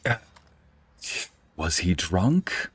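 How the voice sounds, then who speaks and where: Deep-voiced joking male game streamer. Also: very animated, very slow, fairly bright tone, breathy edge, dry recording. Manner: joking, rambling, laughs often. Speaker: streamer narrating a game playthrough. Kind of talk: casual gameplay commentary.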